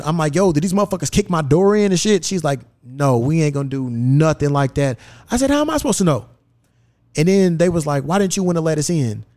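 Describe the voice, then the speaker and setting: A man hosting a podcast, telling a story in casual, profane chat and acting out the dialogue. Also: on the high side. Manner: profane, animated, acts out quoted dialogue. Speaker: podcast host. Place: podcast studio.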